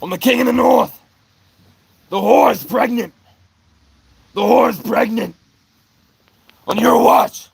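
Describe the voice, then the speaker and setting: A man putting on a raging, self-crowned king of the north, shouting accusations at full volume. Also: mid-range voice, moderate pace, gravelly, dry recording. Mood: furious.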